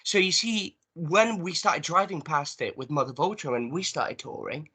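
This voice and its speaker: A man telling animated band stories in casual chat, acting out what people said. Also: a little high, normal speed, breathy edge. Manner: animated storyteller, acts out quotes. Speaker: band member, guest. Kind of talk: casual storytelling.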